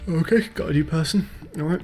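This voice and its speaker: A man's voice: fairly high pitch, brisk, darkish tone, faint music behind. A young man streaming a puzzle game, thinking aloud in a chatty, hesitant way with lots of ums. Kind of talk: casual let's-play commentary.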